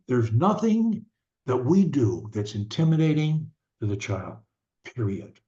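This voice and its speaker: Slow, deliberate older man coaching parents. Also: medium pitch, dark tone. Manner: slow, deliberate, halting with restarts. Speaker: stuttering coach. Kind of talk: advice talk to parents. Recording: dull lo-fi sound.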